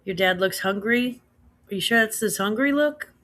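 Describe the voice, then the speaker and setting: A woman's voice: mid-range voice, normal speed, fairly bright tone. A woman in her thirties with a Midwestern American accent, casually chatting with her livestream audience, reading out comments and laughing along. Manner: chatty, laughs often, says girl and slaps. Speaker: livestream host reading chat. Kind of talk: casual chat.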